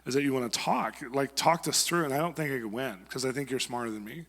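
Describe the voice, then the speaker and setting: A man giving a conversational sermon, telling stories and acting out quotes in a lively way. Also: medium pitch, quick pace. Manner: conversational, animated storytelling with acted quotes. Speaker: guest preacher. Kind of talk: sermon with storytelling. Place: church sanctuary. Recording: long reverb of a church hall.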